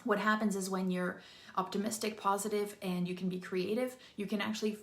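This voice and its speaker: A chatty woman talks to camera as host of her own channel, giving casual, animated advice. She acts out the people she quotes. Her voice sits at an ordinary middle pitch, and the room around her sounds noticeably echoey. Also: fairly quick.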